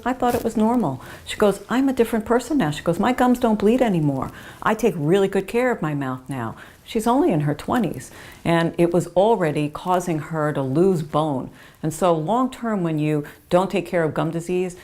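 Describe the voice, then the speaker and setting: A woman's voice: on the low side, a little mellow. A woman dentist explaining gum care to patients in an earnest, emphatic way, using homely images to repeat her points. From United States.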